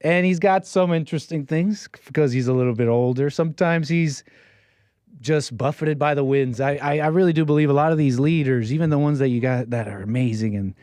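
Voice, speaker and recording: A man's voice: on the high side, fairly quick, a little mellow, dry recording. A man hosting a call-in livestream show, talking in a brash, rambling way with playful catchphrases. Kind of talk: casual livestream monologue.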